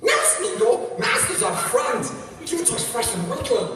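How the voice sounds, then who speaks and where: A creepy hissing little creature. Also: male voice, very high voice, huge pitch swings, a little slow, loud music behind the voice, pitched above the performer's own voice, exaggerated voice. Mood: gleeful. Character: creepy small male creature, hissing and servile. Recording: echoey hall from far off, noisy.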